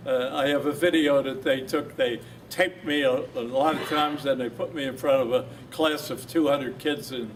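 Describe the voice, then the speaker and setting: A man's voice: mid-range voice, fairly even intonation, moderate pace, hardly any pauses. An older man, a veteran from New Jersey, telling his war story at a reunion and acting out the voices he quotes. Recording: distant mic with background noise.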